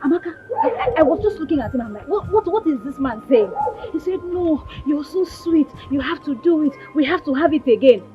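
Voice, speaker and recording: A woman's voice: high voice, animated, brisk. An upset Nigerian village woman. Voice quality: frustrated, pleading. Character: distressed young village woman, frightened and angry. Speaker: young village woman Ujunwa. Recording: dull film audio with loud music.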